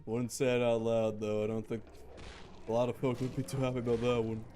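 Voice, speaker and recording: A man's voice: medium pitch, flat delivery, a little fast, warm tone, faint music behind. A young man streaming a game, giving wry, joking commentary and mock-grand commands. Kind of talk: casual gameplay commentary.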